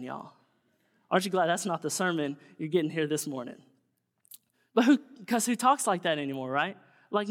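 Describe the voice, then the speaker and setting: A man preaching a sermon as pastor, folksy and conversational, turning earnest and solemn. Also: high-pitched. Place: church sanctuary. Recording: long church hall reverb.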